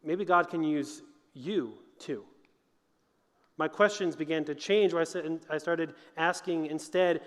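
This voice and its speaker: A man with a high voice speaks to college students in a large chapel, earnest and conversational, pressing his points with emphasis. His words ring out with a long reverb through the hall. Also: moderate pace, a bit bright. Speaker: motivational speaker.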